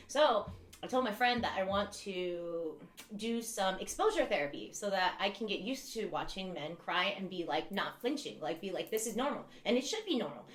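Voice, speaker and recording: A woman's voice: medium pitch, a bit bright, reverberant. A woman in her thirties hosting a casual livestream chat. She rambles, swears freely and laughs often. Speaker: livestream host.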